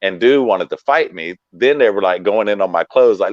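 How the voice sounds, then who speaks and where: A man's voice: fairly low pitch, expressive, normal speed, a little mellow, dry recording, lo-fi sound. A man telling stage stories in casual chat as a guest comedian, laid-back and acting out quoted lines, heard over a video call.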